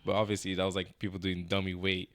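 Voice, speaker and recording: A man's voice: deep voice, monotone, quick pace, fairly bright tone. A man co-hosting a podcast in casual chat, laid-back and slangy, swearing now and then. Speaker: podcast co-host.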